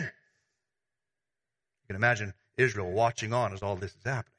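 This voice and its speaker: A man preaching a sermon as pastor, conversational and animated, with everyday analogies. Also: lowish voice, measured pace, long pauses.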